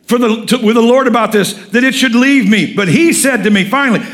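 A middle-aged man preaches a sermon in a church, folksy and animated, often pausing to quiz the congregation. His speaking voice sits fairly high for a man. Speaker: pastor. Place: church sanctuary.

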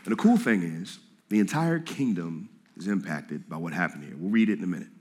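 A man preaching a sermon to a congregation in a lively, conversational way, reading scripture and speaking in casual slang. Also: sits low, fairly quick, some chatter behind. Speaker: pastor. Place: church hall with congregation.

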